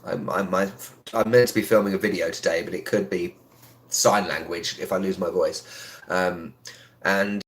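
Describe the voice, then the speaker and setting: A man hosting a casual live stream from home, talking quietly with a sore throat, greeting viewers with lots of ums. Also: sits low, steady tone, moderate pace. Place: indoors in a home.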